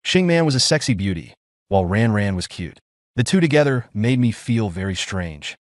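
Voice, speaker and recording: A man's voice: lowish voice, very animated, moderate pace, no room sound, clean studio sound. A man narrating a first-person revenge story in a smug, scripted reading.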